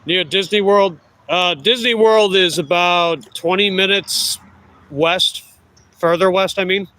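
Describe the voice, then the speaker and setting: A middle-aged delivery rider with a Long Island New York accent vlogs while out on a run, casually answering live viewers, rambling and correcting himself. His voice is high-pitched, slow and sharp in tone, and the recording quality is low.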